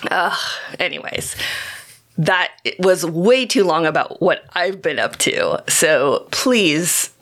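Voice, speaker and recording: A woman chatting casually as a co-host, her voice sitting a little low. She talks in a relaxed, slangy way and laughs easily between her stories. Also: slow pace. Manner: laid-back, slangy, laughs often. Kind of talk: casual chat.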